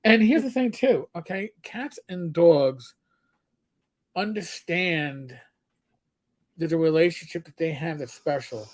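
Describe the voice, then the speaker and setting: Animated man chatting on a livestream. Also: on the high side, takes it slowly, pauses often. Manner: animated storyteller, frequent restarts; reads viewer comments aloud. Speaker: livestream co-host. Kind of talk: casual livestream chat.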